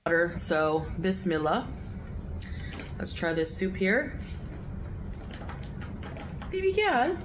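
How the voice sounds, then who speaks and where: A woman in an eating vlog who is sick and coughing, talking slowly and casually about her food. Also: fairly low pitch, very animated. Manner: slow, casual, describes the food. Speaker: mukbang vlogger. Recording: played back with noisy room sound.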